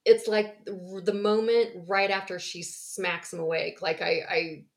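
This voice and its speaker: A woman casually retelling a story in a rambling, animated way, laughing often and acting out the voices. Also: fairly low pitch, measured pace. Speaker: podcast co-host.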